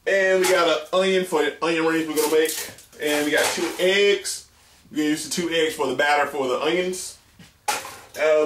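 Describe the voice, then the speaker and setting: A man hosting a comedic home cooking video in his kitchen, rambling and joking with a deadpan, mock-tearful manner. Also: fairly high pitch. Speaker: home cooking show host. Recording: echoey room, faint noise.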